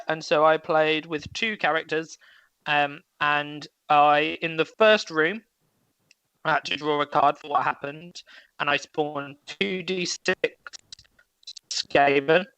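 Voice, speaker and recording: A man's voice: fairly high pitch, fairly bright tone, smooth, dry recording. A man telling a game story casually over a video call, with loose fillers. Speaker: guest. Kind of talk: casual chat.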